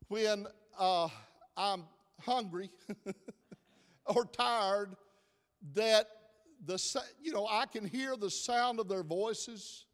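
A middle-aged pastor with a drawl, his voice sitting high for a man, delivers a folksy, easygoing sermon and teases his flock. His words ring out through the long reverb of a church sanctuary. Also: a bit bright, clean tone. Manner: folksy, chatty, jokes with the congregation.

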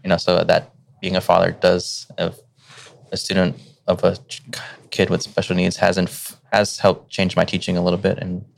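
A middle-aged man, a teacher telling stories in a relaxed, rambling way full of fillers. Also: sits low, normal speed, vocal fry. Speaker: teacher and podcast guest. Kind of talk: casual conversation.

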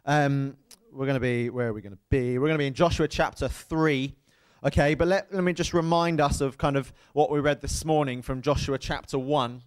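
A man preaching a sermon in a church, telling stories in a lively way and often checking with the congregation. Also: medium pitch, fairly quick, smooth. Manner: lively storytelling, asks the crowd "right?". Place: church hall.

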